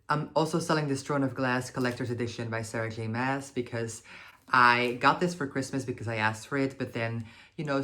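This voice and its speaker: A woman's voice: extremely low pitch, a bit bright. A young woman in her twenties chatting casually to the camera in a vlog, self-deprecating and full of filler likes. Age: 20s. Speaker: vlogger.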